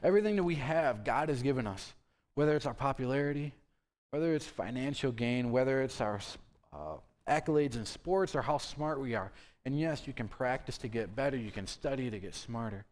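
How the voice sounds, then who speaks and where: A man's voice: medium pitch, animated, brisk, darkish tone. A man giving a youth group sermon, conversational and full of rhetorical questions. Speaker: youth pastor.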